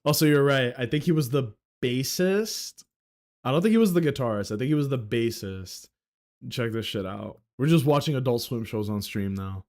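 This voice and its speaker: A man's voice: mid-range voice, animated, moderate pace, a little mellow. A man livestreaming a story game, chatting casually in laid-back slang and laughing easily. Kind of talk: casual game stream reaction.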